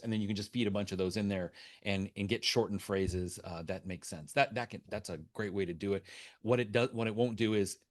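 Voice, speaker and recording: A man's voice: deep voice, steady tone, a little fast. A man answering questions as a webinar guest speaker, talking off the cuff with many restarts and fillers.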